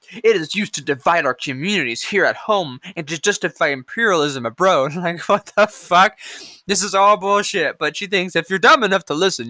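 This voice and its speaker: A man's voice: on the high side, sharp tone, no echo. Sarcastic, profane male podcast host. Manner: sarcastic, profane, rambling with hummed filler. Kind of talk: casual political rant.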